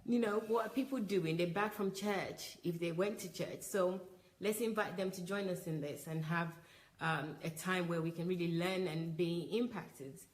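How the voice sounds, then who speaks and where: A woman's voice: fairly low pitch, moderate pace. A woman hosting a livestream, greeting viewers by name and chatting in an upbeat way. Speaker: livestream host. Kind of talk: casual livestream chat. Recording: echoey room, faint noise.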